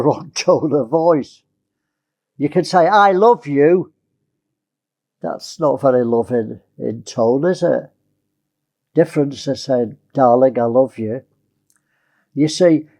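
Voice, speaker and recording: A man's voice: fairly high pitch, dark tone, lo-fi sound. A male preacher giving a conversational sermon, asking his listeners rhetorical questions.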